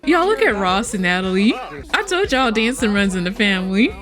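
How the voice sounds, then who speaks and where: A young woman hosts casual gameplay commentary over music, chatty and fairly quick in a medium-pitched voice. She calls her viewers y'all, laughs a lot, and breaks into excited squeals and playful exasperation.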